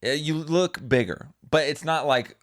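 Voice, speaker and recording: A man's voice: fairly high pitch, a little slow. A man co-hosting a casual podcast at home, rambling with lots of "like" and "um". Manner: rambling, hesitant, full of "like" and "um". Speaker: podcast co-host. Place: room at home. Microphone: mic on a stand.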